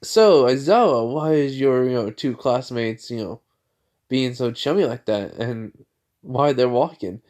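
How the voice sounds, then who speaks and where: A man voicing a loud, nosy male announcer asking questions. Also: mid-range voice, lively intonation, a little slow, natural voice. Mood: curious.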